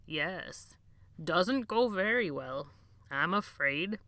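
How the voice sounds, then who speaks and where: A woman voicing a frail, gentle old male librarian who speaks slowly and haltingly in a hoarse near-whisper. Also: on the low side, animated, dry recording. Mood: mild. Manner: slow, halting, dreamy speech.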